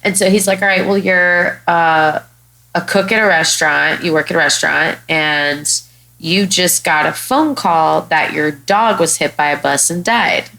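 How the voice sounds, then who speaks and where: Her voice is low and gravelly, and she speaks at a measured pace over poor audio. The speaker is a young Chicago stand-up comic on her podcast, chatting casually as she tells a story bluntly, animatedly, and with plenty of swearing.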